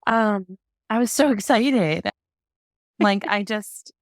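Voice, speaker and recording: A woman's voice: medium pitch, slow, long pauses, dry recording, studio quality. A young adult woman, a guest, telling her story in a casual interview and acting out the exchanges she quotes. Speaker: guest, parent advocate.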